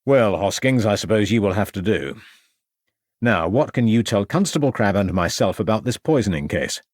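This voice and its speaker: A man voicing a brisk, authoritative Victorian police inspector in an audiobook reading. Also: fairly low pitch, lively intonation, no room sound, clean studio sound. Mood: stern. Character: stern, clipped Victorian male detective inspector.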